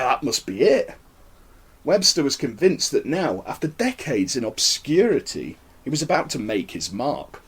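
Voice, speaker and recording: Author narrating his own horror-comedy; husky, animated, fairly high male voice. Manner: expressive, wry storytelling. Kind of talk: live horror-comedy story reading.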